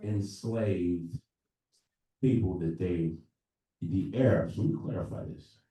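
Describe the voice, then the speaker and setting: Earnest, low-voiced man addressing a congregation, heard from a distance. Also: warm tone. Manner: earnest, with halting pauses and restarts. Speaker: elder leading a libation. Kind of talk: preaching-style address. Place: church hall during a live service. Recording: echoey room from far off.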